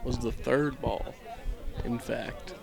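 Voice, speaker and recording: A man's voice: mid-range voice, fairly even intonation, takes it slowly, gravelly. A young man giving casual, rambling baseball commentary outdoors, tired and self-mocking, trailing off now and then. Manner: laid-back, rambling, self-mocking, trails off mid-sentence.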